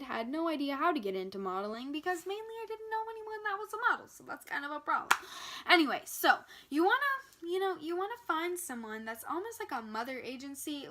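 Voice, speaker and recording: A young woman chats to the camera with a bubbly, upbeat manner. Her voice sits a little high. She talks loosely, with lots of "like" and "you know". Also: a bit bright. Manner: bubbly, chatty, says "like" and "you know" often. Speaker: vlogger giving modeling tips. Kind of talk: casual chat to camera.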